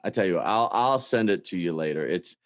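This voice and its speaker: Rambling low-voiced man hosting a call. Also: lively intonation, no room sound, clean studio sound. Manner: rambling, halting, many restarts. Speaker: host. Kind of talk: casual video-call chat.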